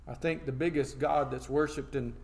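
A man preaching a sermon, reading scripture slowly and then explaining it in plain talk, asking and answering his own questions. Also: medium pitch, steady tone, vocal fry, darkish tone.

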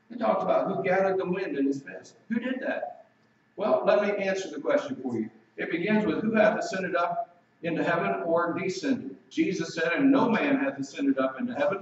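An emphatic male preacher with a slightly high voice gives a sermon, slowing down when he reads scripture. The sound is very echoey and comes from some distance away. The recording is dull and muffled. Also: lively intonation, slight background noise.

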